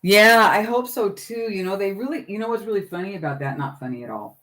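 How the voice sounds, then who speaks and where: A woman's voice: mid-range voice, lively intonation, fairly quick, fairly bright tone. A middle-aged woman hosting a casual crafting livestream, chatting with viewers by name while she works on her journals. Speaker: livestream host.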